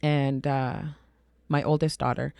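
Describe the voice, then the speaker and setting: A middle-aged woman from Canada, a podcast guest telling her story candidly, emphatic and animated, sometimes dropping to a hush. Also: very deep voice, a little slow, creaky, clean tone, no echo, studio quality. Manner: emphatic, animated, drops to a hushed voice for intense moments.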